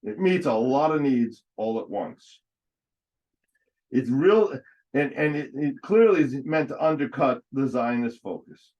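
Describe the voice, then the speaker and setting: A man's voice: medium pitch, lively intonation, darkish tone. A man giving an adult education history lecture, often breaking off mid-word and correcting himself. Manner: halting, frequent false starts and self-corrections. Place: congregation classroom. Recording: dull lo-fi recording.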